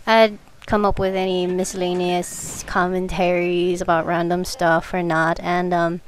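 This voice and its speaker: A woman's voice: fairly low pitch, level tone, unhurried, slight background noise. A young woman chatting casually over gameplay, telling work stories and giggling often. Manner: giggly, laughs through her stories. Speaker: gaming video commentator. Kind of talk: casual gameplay commentary storytelling.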